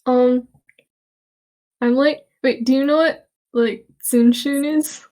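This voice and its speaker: A woman's voice: high-pitched, steady tone, a little mellow. A young woman, a student club officer, chatting casually in a bubbly, giggly manner. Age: young adult. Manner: bubbly, giggly, quick asides. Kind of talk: casual chat.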